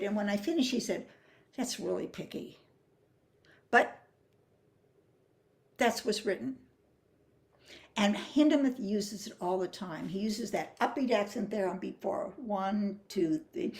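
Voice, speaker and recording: A woman's voice: medium pitch, darkish tone. An older woman teaching flute phrasing, explaining patiently and singing rhythms and counting beats aloud. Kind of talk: music masterclass.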